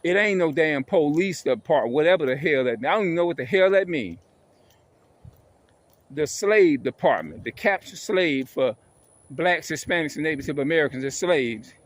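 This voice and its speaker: Emphatic, high-voiced ranting man. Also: expressive, normal speed. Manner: emphatic, repetitive, swearing. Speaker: vlogger. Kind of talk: ranting monologue.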